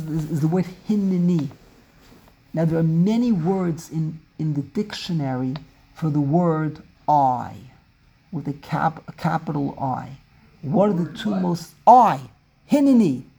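A woman's voice: sits low, vocal fry, mellow, slightly rough. A woman teaching a religious text lesson, asking rhetorical questions and repeating words as she builds each point. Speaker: Torah teacher. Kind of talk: lecture on Hebrew prayer and scripture.

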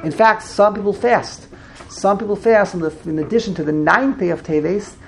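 A man's voice: sits high, normal speed, vocal fry, slight background noise, poor audio. A man teaching a scripture class, going verse by verse. He repeats phrases and translates each term as he explains it. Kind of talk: verse-by-verse text study.

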